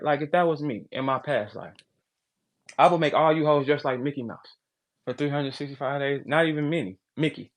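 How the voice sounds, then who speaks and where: Brash, loud-and-low ranting man. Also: a little fast. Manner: brash, profane and animated, swinging between loud outbursts and low asides. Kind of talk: casual podcast rant.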